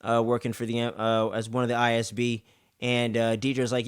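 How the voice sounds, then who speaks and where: The clean studio sound, free of echo, carries a young man's brisk, mid-range voice with a steady, clean tone. Hosting a podcast, he recaps an episode in loose, profane talk full of "man" and "uh," acting out characters' lines in exaggerated voices.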